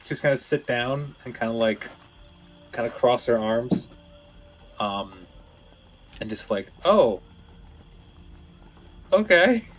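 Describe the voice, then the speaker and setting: A man from Canada playing a tabletop game, rambling and halting, with casual swearing. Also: medium pitch, soft background music, rough recording. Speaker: player.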